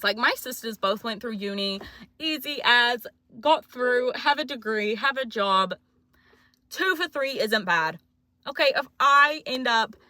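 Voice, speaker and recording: A woman's voice: on the high side, pushed and bright, no echo. A twenty-year-old woman with a New Zealand accent, talking in a chatty, self-mocking, jokey way in a casual confessional vlog. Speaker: vlogger.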